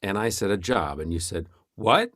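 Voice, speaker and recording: A man improvising an exasperated accountant neighbor, deadpan and stammering in a comedy scene. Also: on the low side, normal speed, no room sound, studio quality. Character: exasperated middle-aged accountant neighbor Marcus. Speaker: improv performer.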